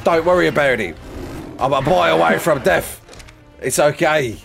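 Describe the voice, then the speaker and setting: A man doing a gravelly put-on Aussie adventurer. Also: a little high, moderate pace, a bit bright, soft background music. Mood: excited. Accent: put-on Australian. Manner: exclaiming, slangy, bursting into laughs. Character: over-the-top Aussie wildlife adventurer man. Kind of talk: gaming role-play.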